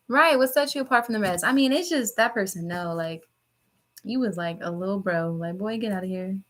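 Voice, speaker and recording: A young woman reads tarot live for her chat, talking fast and casually with plenty of swearing and laughter. Her voice is bright and clear, and she jumps between topics with sudden high, loud bursts. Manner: chatty, profane, laughs often, talks to chat. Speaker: tarot reader hosting a live stream.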